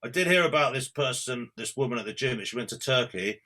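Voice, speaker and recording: A man's voice: medium pitch, expressive, a little fast, sharp tone, slight background noise. A man hosting a podcast, bantering and swearing casually. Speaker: podcast host.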